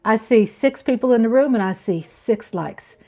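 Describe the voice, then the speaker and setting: A woman's voice: a little high, lively intonation, normal speed, dark tone. A woman in her fifties hosting a casual livestream, reading chat comments aloud with playful giggles and little sung riffs. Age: 50s. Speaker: livestream host.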